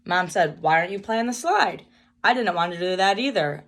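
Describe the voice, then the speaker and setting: A woman reading a children's book aloud in a slow, emphatic storytelling manner. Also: on the low side, animated.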